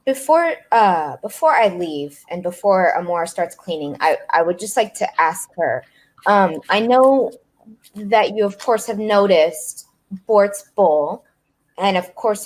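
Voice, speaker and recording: A woman playing a tabletop game, asking careful, polite questions and speaking as her character. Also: on the low side. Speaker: player. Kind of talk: tabletop role-play.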